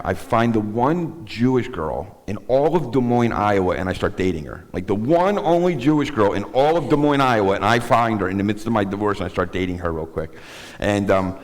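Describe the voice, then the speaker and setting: A middle-aged man with a very low, deep voice tells his own story from the front of a synagogue sanctuary. He talks in a rambling, halting way, restarting his sentences. His words ring out with a long reverb through the large hall. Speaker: guest speaker. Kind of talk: personal testimony talk.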